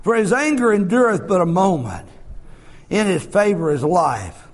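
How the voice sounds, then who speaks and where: A man preaching a sermon, shouting his points with drawn-out "uh" fillers, then dropping to soft, low asides. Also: sing-song.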